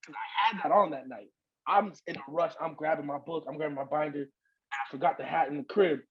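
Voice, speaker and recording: A man who is a podcast guest, telling a story in casual chat, animated and slangy and swearing a lot. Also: on the high side, brisk, highs cut off, a crowd in the background.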